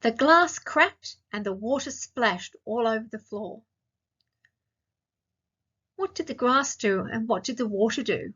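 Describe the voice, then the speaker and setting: Australian lady teacher, slow clear questions for little kids, kinda muffled lo-fi audio. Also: fairly high pitch, lively intonation, fairly bright tone. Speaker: primary school teacher. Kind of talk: recorded grammar lesson for young children. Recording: dull lo-fi sound.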